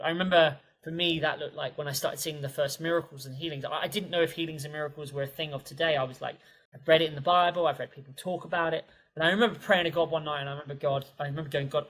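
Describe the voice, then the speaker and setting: A man telling a personal story as a podcast guest, animated and full of fillers. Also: fairly high pitch, breathy edge, poor audio. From England. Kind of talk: conversational storytelling.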